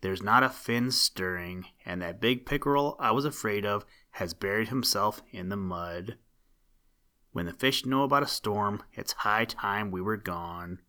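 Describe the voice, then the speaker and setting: A man doing a brisk lady duck. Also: on the low side, bright, forceful tone. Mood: urgent. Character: brisk, watchful female mallard duck.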